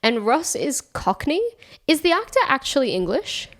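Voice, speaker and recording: A woman co-hosting a comedy film podcast, chatting in an animated, sweary and playfully over-the-top way. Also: sits high, normal speed. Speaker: podcast co-host. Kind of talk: casual comedic chat.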